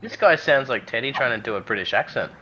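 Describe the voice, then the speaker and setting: A man's voice: medium pitch, animated, quick pace, pushed and bright. A man making sarcastic jokes in a casual chat over a stream, on a muffled mic with hiss. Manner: joking, sarcastic.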